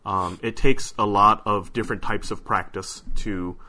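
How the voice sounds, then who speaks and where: A man's voice: lowish voice, fairly even intonation, normal speed, sharp tone. A man answering questions in a casual podcast chat, hesitant, with many fillers and restarts. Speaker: interview guest.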